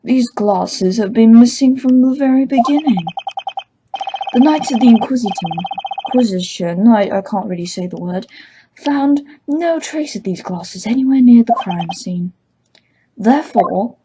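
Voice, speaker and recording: A woman voicing a formal older male inquisitor in a game, reading his verdict slowly. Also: fairly high pitch, background noise, lightly acted. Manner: slow, declaiming.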